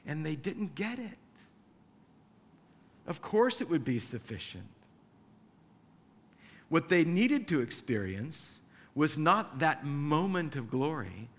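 A man's voice: medium pitch, in a large hall. A male pastor delivering a sermon in a conversational way, acting out the scripture passages he quotes.

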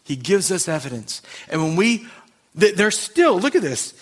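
A male pastor preaching a sermon, swinging from loud emphasis to hushed intensity. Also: sits high, animated, moderate pace.

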